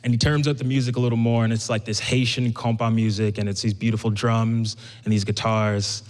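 A man's voice: fairly low pitch, brisk. A young man from Brooklyn telling a personal story on stage, conversational and acting out the people he quotes. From Brooklyn, USA. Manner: conversational, animated quoting. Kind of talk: live storytelling. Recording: echoey hall.

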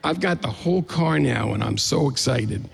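A man telling a funny story to a crowd in an animated, playful, self-mocking way. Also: medium pitch, moderate pace, gravelly, husky, in a large hall. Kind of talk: live comedic storytelling.

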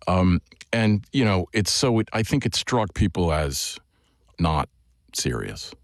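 A man's voice: low voice, sing-song, moderate pace, dry recording, clean studio sound. A man being interviewed as a journalist guest, talking in a loose conversational way with plenty of fillers and restarts.

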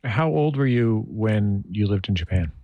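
A man hosting an interview, speaking a little low in a chatty, searching way. He turns his thoughts over out loud and checks in with his guest. The sound is dry and close. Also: lively intonation, measured pace, no room sound, phone-quality sound. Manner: chatty, thinks aloud with repeated phrases. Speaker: radio interview host.

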